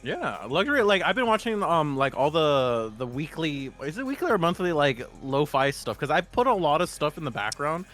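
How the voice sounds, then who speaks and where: A man chatting as a guest over a video call, rambling with deadpan jokes. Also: a little high, moderate pace, few pauses, faint music behind. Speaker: guest musician. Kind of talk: casual chat.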